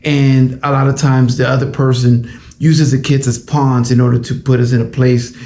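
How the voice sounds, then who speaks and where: A man's voice: medium pitch, little pitch movement, normal speed, dark tone, reverberant, slight background noise. A man introducing a podcast episode in an earnest way and asking listeners to subscribe. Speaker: podcast host.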